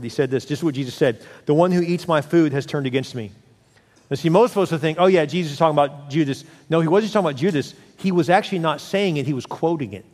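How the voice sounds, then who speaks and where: A man preaching as pastor, telling the story with lively acted-out voices and frequent restarts. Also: a little high, long reverb tail. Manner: animated storytelling, acting out voices, many restarts. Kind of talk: sermon.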